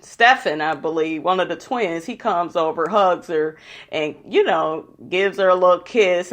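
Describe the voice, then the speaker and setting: A woman's voice: mid-range voice, a bit bright. A woman giving a casual, profane, gossipy recap of a reality show episode, blunt and opinionated about the people in it.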